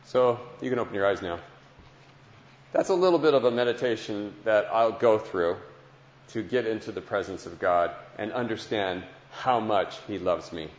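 A man preaching a heartfelt Christian sermon and testimony, earnest, often repeating phrases, to listeners in a large hall. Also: fairly low pitch. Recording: dull lo-fi sound with long hall echo.

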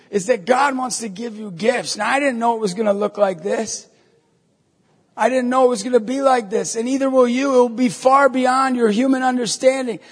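A Catholic evangelist man giving an animated storytelling sermon, acting out dialogue with emphatic bursts. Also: very high-pitched, breathy edge, long reverb tail.

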